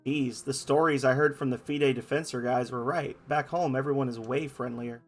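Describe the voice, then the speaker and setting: Reading the game's dialogue aloud, this host gives the characters varied playful voices and teases himself about his reading. His voice is mid-range and steady, moderately paced, with faint music behind.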